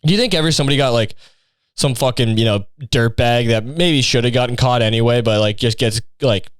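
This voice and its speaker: A man's voice: mid-range voice, brisk, clean tone, no room sound, clean studio sound. A young man hosting a podcast, ranting sarcastically in a rambling, profane comedic style. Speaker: podcast host.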